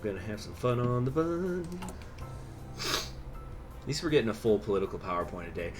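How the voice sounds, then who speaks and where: A man's voice: fairly low pitch, very animated, normal speed, pauses often, soft background music. A man hosting a strategy game let's-play, chatting casually and rambling through asides while reading event text aloud. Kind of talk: casual gameplay commentary.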